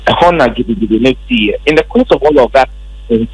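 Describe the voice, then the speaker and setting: A man's voice: mid-range voice, expressive, a little fast, slightly rough, rough recording. A man with a Ghanaian accent, a member of parliament, emphatically recounting events in an interview. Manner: emphatic, repetitive storytelling.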